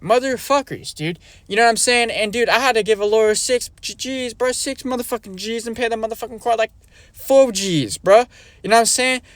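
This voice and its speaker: A young man tells a personal story straight to the camera, with loose, profanity-laced phrasing and a lot of filler. His voice sits a little high for a man. The sound is dry and close, with no room echo. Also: a bit bright. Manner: rambling, profane, fillers like "bro" and "you know what I mean". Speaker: storyteller vlogger. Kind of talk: casual storytelling.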